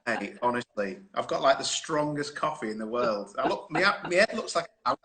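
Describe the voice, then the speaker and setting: A man in easygoing conversation, spinning long, rambling anecdotes and breaking into laughter. His voice sits at an ordinary middle pitch, heard through a phone on a live stream. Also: sing-song, a little fast, bright, forceful tone. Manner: chatty anecdotal storyteller, laughs often. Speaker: guest. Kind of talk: casual chat on a live stream. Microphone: phone on a video stream.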